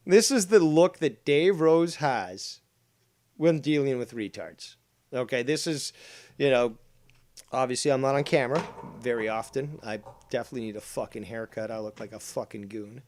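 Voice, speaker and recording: Profane man ranting loudly. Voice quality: profane and blunt, swings between loud rants and low asides. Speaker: commentator reacting to clips. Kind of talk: crude ranting commentary.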